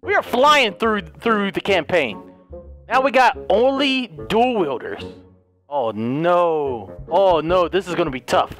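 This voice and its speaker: A man giving excited, yelling commentary while playing a video game, shouting orders at his units. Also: high-pitched, takes it slowly, soft background music. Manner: yelling commands at units, wildly animated. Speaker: gaming YouTuber.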